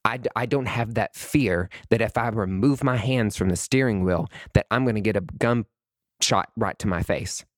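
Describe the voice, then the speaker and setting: A man's voice: fairly low pitch, normal speed, dry recording. A young man hosting a podcast, delivering a heated, emphatic, sassy monologue full of swearing. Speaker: podcast host. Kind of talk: impassioned unscripted monologue.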